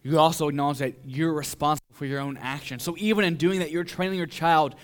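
A young adult man preaching a sermon as pastor, acting out little scenes and swinging between loud and soft. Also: fairly high pitch, fairly even intonation, fast, hardly any pauses.

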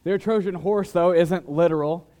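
A man preaching a sermon, who swings between loud, emphatic lines and quiet, dropped asides. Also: normal speed. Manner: dramatic shifts in loudness, mimics flatterers in higher voice. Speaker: pastor.

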